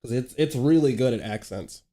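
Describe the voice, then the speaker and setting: A young man streams sim racing late at night from his home gaming setup, chatting casually and laughing, stumbling into restarts. His voice is mid-range, animated and mellow, at normal speed.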